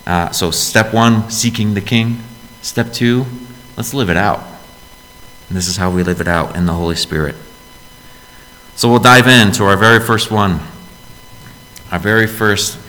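A man preaching a sermon as pastor, in a conversational style that lifts into emphatic, louder phrases. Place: church sanctuary. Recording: long reverb in a church hall, faint rumble.

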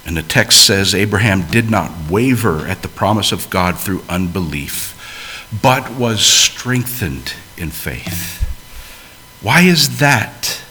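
A man preaching a sermon, swinging between loud emphasis and hushed, quiet asides. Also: fairly low pitch, animated, takes it slowly, slight background noise.

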